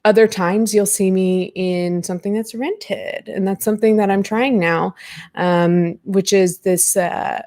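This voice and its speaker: A woman in her thirties chats casually as the host of a live podcast, rambling through fillers with self-deprecating humor. Her voice sits at an ordinary middle pitch. The sound is close and dry, with no room around it. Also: fairly even intonation, measured pace, a little mellow, no echo. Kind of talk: casual live-stream chat. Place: home room at a computer.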